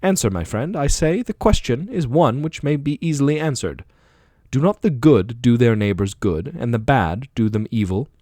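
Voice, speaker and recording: Guy reading as an old philosopher on trial, ironic and probing, really lively pitch, dry sound. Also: moderate pace, no room sound, close to an everyday voice. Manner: probing, rhetorical questioning. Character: aging male philosopher arguing in court, ironic. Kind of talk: audiobook dialogue reading.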